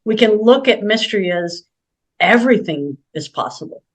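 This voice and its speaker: A woman's voice: mid-range voice, lively intonation. A middle-aged woman, a spiritual healer, talking casually in an interview, chatty and full of anecdotes. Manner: chatty, storytelling, quick to laugh.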